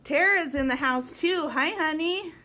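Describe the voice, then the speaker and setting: A woman's voice: high-pitched, measured pace, bright, forceful tone, slight background noise. A woman hosting a casual livestream from her dining room, bubbly and greeting viewers by name. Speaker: livestream host. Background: rain and a barking puppy.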